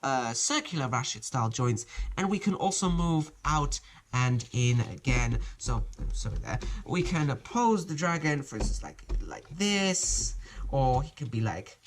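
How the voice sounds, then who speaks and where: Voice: medium pitch, very animated, unhurried, a little hiss or hum. A toy set reviewer giving a casual show-and-tell review in a small home studio, chatty and hesitant, often restarting phrases while handling the set.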